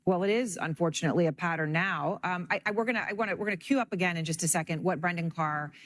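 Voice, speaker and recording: A woman anchoring a cable news interview, brisk and measured. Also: fairly low pitch.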